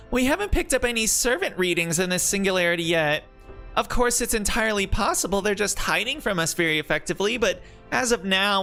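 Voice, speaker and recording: Brief: man playing a bright, animated young researcher, rattling off data. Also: high voice, pitched above the performer's own voice, exaggerated voice. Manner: rapid, matter-of-fact reporting.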